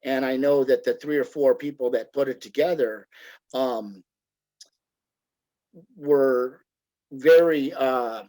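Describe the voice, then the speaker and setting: A man's voice: medium pitch, fairly even intonation, slow pace, pauses often, dark tone, low-quality recording. A middle-aged man from the United States, a woodworker chatting casually on a video call, rambling like a folksy storyteller and often restarting his sentences. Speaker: woodworker guest.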